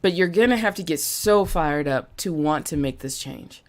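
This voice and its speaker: Her voice is low and expressive, her speed normal, as this woman hosts a motivational talk streamed live. She works as a podcast host and business coach, stresses her points by repeating phrases, and coughs occasionally.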